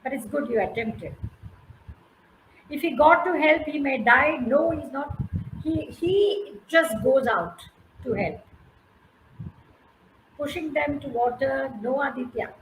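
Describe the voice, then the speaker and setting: Animated Indian English woman storyteller, unhurried, echoey hall. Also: high-pitched, slight background noise. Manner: animated, coaxing, praising by name. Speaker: storyteller teaching a class. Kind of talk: interactive storytelling with questions to listeners.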